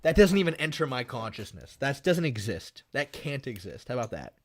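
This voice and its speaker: A male streamer chats loosely with his viewers about fights and bets. He rambles and repeats himself, with swearing mixed in. His voice sits at an ordinary middle pitch for a man. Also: sing-song, fairly quick. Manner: rambling and repetitive, swears casually. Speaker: MMA streamer. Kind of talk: casual livestream chat.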